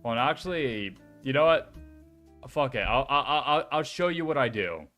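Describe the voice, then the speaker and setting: Young man, casual chat, excitable, mid-pitched, faint music behind. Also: normal speed. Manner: chatty, excitable, swears casually. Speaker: streamer.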